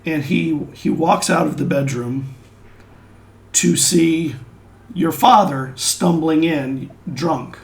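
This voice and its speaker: Male game master, gravelly and a bit high, slow descriptive narration on a headset. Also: echoey room.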